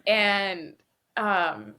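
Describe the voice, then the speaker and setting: A woman in her thirties co-hosts a casual podcast. She tells stories with lots of energy, laughs often and jumps into playful voices for the people in them. Her voice sits at an ordinary middle pitch. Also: very slow. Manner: animated storyteller, laughs often, acts out kids' voices. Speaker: podcast co-host. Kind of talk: casual chat. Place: lives in Florida.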